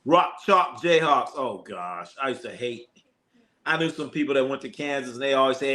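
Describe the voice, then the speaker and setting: A man's voice: mid-range voice, fairly quick, bright, forceful tone. A man hosting a live sports stream, reading viewer comments aloud and riffing on them with loose, profane jokes. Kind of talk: casual livestream chat reading viewer comments.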